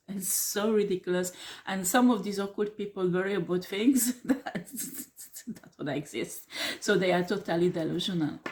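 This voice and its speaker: There's a little hiss or hum under this woman's fairly low voice. She's a blunt, foul-mouthed tarot reader speaking to camera, combative and scornfully laughing, constantly asking "okay?" and "do you understand?"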